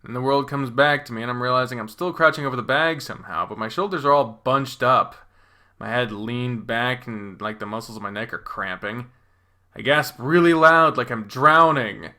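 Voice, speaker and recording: A man giving a dramatic first-person reading of a visual novel, expressive and profane, moving between hushed and loud. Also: mid-range voice, moderate pace. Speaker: reader voicing a visual novel.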